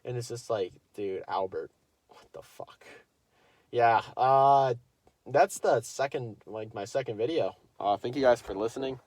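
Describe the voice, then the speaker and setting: A teenage boy telling a story in a casual vlog, rambling, swearing constantly and filling every pause with "like". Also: medium pitch, darkish tone, dry recording. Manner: rambling, profane, full of "like" fillers.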